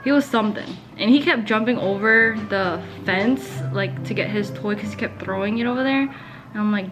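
A woman's voice: mid-range voice, fairly quick, music in the background. A young woman vlogging in casual chat, telling stories and acting out what people said. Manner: chatty, says "like" a lot, retells stories with quoted voices.

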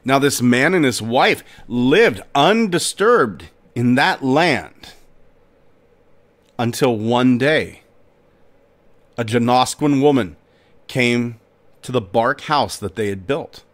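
A man hosting a podcast, narrating a folk tale in a dramatic, expressive storytelling manner. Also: medium pitch, slow, long pauses. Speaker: podcast host.

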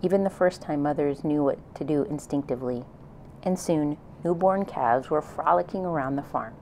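A woman reading a children's novel aloud in a gentle, plain storytelling manner. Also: deep voice, normal speed, slight background noise, rough recording. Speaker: audiobook reader.

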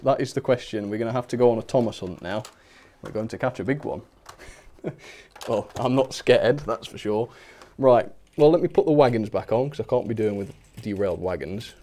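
A young man hosts a casual livestream, talking in a chatty, self-mocking way and laughing often. His voice sits at an ordinary middle pitch. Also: warm tone. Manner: chatty, giggly, self-mocking, reads chat aloud. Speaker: host of a model railway livestream.

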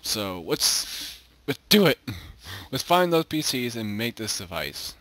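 A man's voice: mid-range voice, big pitch swings, takes it slowly, a bit bright. A man giving casual let's-play commentary as a gaming YouTuber, goofy and chatting to the animals in the game.

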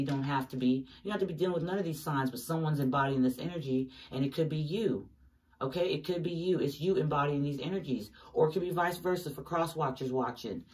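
A tarot reader gives a casual reading, speaking emphatically and directly to her viewers while cursing often. Her voice sits low and is a little mellow, picked up by a distant mic.

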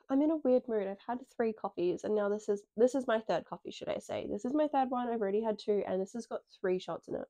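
A woman with an Australian accent chatting excitedly to camera as a book vlogger. She sounds stuffy and nasal from a cold and swears casually. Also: mid-range voice, a little fast, dry recording. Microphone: dedicated microphone close up.

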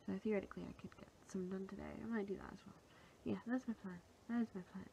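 A woman's voice: medium pitch, fairly even intonation, fast, gravelly, dark tone, a little hiss or hum. A young woman with a sore throat, chatting casually and rambling through her plans in a home vlog. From England. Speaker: vlogger. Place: at home, indoors.

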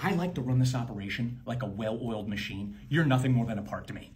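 A young man performing one-man comedy sketches, switching between sarcastic, shouting and soft-spoken characters. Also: medium pitch, lively intonation, fast, heavy background noise.

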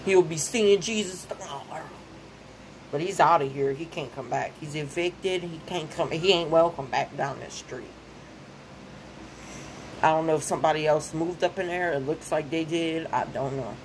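A woman's voice: low-pitched, moderate pace, slight background noise, low-quality recording. Worked-up young woman ranting. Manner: ranting, repeats phrases, gets worked up. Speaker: vlogger. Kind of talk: casual venting monologue.

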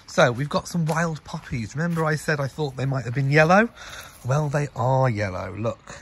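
A man casually vlogging to camera, chatty and gentle, talking about his garden and his shopping. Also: mid-range voice, moderate pace, a little hiss or hum. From Britain. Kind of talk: casual vlog chat. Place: home garden and greenhouse.

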